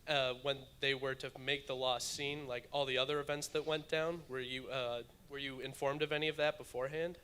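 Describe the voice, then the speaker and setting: Bright-voiced man asking from the crowd. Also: medium pitch, level tone, a little hiss or hum. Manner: hesitant, halting with fillers. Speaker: audience member asking a question.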